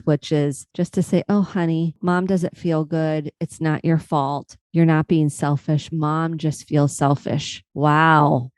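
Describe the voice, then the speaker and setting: A woman therapist hosting a podcast, talking earnestly and openly about her own healing while gently coaching listeners. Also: fairly low pitch, no room sound, studio quality. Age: adult. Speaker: podcast host and family therapist. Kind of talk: reflective solo podcast talk.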